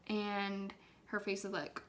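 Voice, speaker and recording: A young ASMR creator chats casually with viewers as she recounts a film, slipping into a whisper at times and saying "like" a lot. Her medium-pitched, fairly bright voice is completely flat and slow. There's slight background noise.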